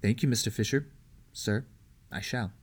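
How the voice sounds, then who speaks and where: A man's voice: fairly low pitch, moderate pace, breathy edge. A man doing a young servant girl in a storybook reading, voice pushed well up, polite and careful, every answer deferential. The reader takes on her wary manner. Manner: deferential, ends with "sir".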